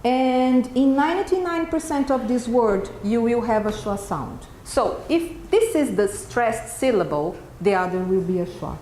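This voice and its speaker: A woman with a Brazilian Portuguese accent, a native Portuguese speaker, presents to a room of teachers at an unhurried pace. Her voice sits a little high, and she ends almost every point with a checking "okay?". The sound is echoey, with faint noise behind it. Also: expressive, mellow. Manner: keeps checking in with "okay?" after each point. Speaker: teacher trainer presenting a workshop. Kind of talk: live workshop talk to teachers. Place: event room with an audience.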